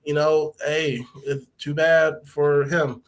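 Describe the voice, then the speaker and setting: Man podcast host, slightly high voice, casual profane recap full of fillers. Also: level tone, slow. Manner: loose, profane, laughs often, many fillers.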